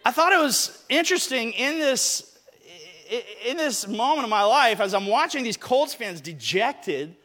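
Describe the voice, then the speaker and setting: Male pastor, high bright voice, chatty storyteller turning into emphatic preaching, long hall reverb. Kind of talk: sermon opening with a personal story. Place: church sanctuary.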